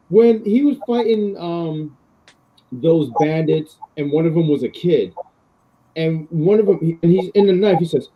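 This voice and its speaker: A man co-hosting a casual chat podcast, animated and often laughing as he acts out lines. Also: a little high, unhurried, dull audio. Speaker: podcast co-host.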